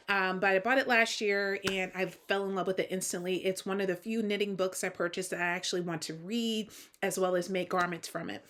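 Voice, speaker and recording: A woman's voice: mid-range voice, fairly bright tone, slight background noise. Tired woman host with a slight Southern twang; chatty knitting vlogger who laughs a lot, mid-range voice. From Georgia, US. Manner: chatty, laughs often, self-deprecating. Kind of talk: casual knitting vlog chat.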